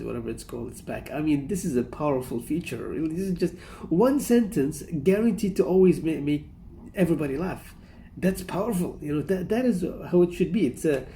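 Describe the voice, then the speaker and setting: A man's voice: high-pitched, warm tone, a little hiss or hum. A man hosting a casual reaction commentary, rambling and amused, often breaking into laughter. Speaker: reaction video host.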